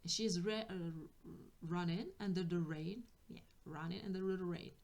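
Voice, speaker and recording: A woman's voice: lowish voice, a little slow, few pauses, a little mellow. A woman giving a tarot reading for spiritual guidance, speaking hesitantly and often restarting as she searches for words. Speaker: tarot reader.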